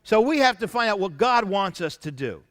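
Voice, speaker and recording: A man preaching a sermon as senior pastor, reading scripture aloud between his own points and dropping to soft asides. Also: sits high, sing-song, moderate pace, long reverb tail.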